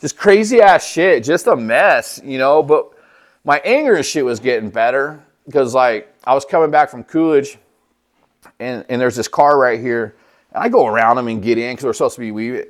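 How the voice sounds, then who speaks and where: A man's voice: mid-range voice, normal speed. A man sharing his recovery story in a casual, profane way, acting out what people said. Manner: profane, laid-back, acts out quoted dialogue.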